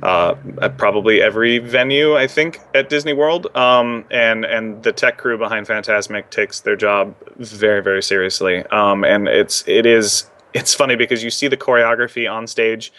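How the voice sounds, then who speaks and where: A man's voice: on the low side, moderate pace, hardly any pauses, pushed and bright. A young man, a former theme park performer and accent trainer, chatting casually with lots of fillers and restarts. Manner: rambling with many fillers and restarts. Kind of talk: casual interview chat.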